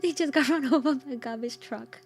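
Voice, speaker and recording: A woman streamer with a hoarse, croaky voice, chatting casually and reacting expressively to horror stories, quick to laugh and repeating her exclamations. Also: high-pitched. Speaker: streamer hosting a story night. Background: soft ambient music.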